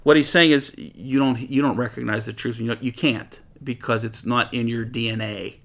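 A man leading an informal Bible study, reading scripture aloud and explaining it in a lively, conversational way with frequent laughs. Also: mid-range voice, normal speed, creaky. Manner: animated, laughs often, paraphrases scripture conversationally. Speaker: Bible teacher.

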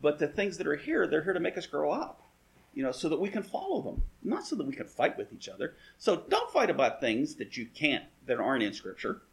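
A man's voice: a little high, wildly swooping pitch, brisk, gravelly, breathy edge. A man teaching through Bible verses in a rambling, conversational way, full of "you know" asides and dry wry humor.

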